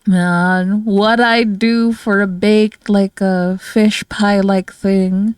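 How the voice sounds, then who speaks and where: A tired, low-energy woman from the Philippines chatting casually with her viewers as a streamer, rambling with many fillers and soft laughs. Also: little pitch movement, drawn-out words, hardly any pauses, smooth, no room sound, studio quality. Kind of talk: casual livestream chat with viewers.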